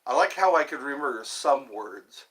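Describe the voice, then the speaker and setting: A man's voice: medium pitch, animated, normal speed, fairly bright tone. A man in his fifties rambling through a solo livestream, talking to himself and jumping from one topic to the next. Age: 50s. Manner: rambling, talks to himself, jumps between topics. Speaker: livestream host.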